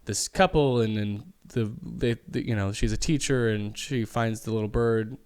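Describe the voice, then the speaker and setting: A man's voice: lowish voice, moderate pace, darkish tone, clean tone. A man co-hosting a podcast in casual chat, telling stories in a rambling way full of fillers, with profane, joking banter. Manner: rambling, loose storytelling with lots of fillers. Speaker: podcast co-host.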